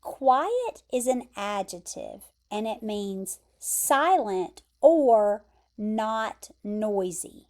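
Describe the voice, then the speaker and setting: A woman with an American accent teaching English vocabulary, explaining word pairs carefully and repeating pronunciations clearly. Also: medium pitch, sing-song, very slow, a little mellow. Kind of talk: vocabulary lesson.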